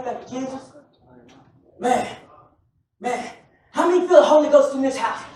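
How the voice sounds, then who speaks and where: A male preacher delivering a lively sermon, joking with and calling out to his congregation. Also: very high-pitched. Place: church sanctuary. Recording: very echoey church hall, mic far off.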